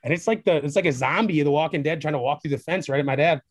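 Young man with a fairly high voice, excitable and rambling, telling an interview story, dry close-miked sound. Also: very fast, breathy edge, dry recording. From Wisconsin, USA. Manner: excitable, rambling, acts out quoted dialogue. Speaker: distillery founder, guest.

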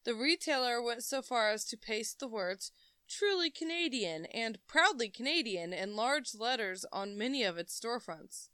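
Bright, giggly woman podcast co-host. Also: a little high, expressive, moderate pace, clean tone, no echo, clean studio sound. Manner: giggly, reads aloud with asides and jokes. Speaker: podcast co-host reading a news article. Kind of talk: casual podcast chat.

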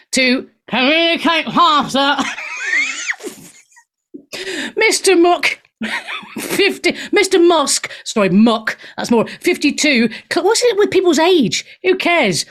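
Woman radio host, a touch high-pitched, rambling and opinionated, laughs a lot. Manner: animated, rambling, laughing often. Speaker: radio talk show host. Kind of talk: casual opinionated news chat.

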